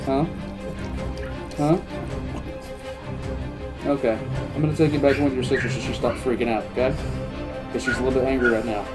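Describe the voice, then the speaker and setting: A man's voice: medium pitch, low-quality recording. An older man hosting a reaction channel, chatting casually and talking fondly to his dogs. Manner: chatty, doting baby talk to pets. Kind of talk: casual chat.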